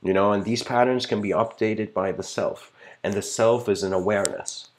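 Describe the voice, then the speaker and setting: Low-ish guy lecturing on a livestream, rambly and earnest, lots of fillers. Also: fairly even intonation, normal speed. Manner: rambling, filled with "you know" and "like"; earnest, searching for words.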